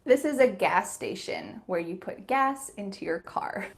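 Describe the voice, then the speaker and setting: A woman's voice: medium pitch, lively intonation, measured pace, gravelly. Matter-of-fact American woman guest. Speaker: guest answering questions.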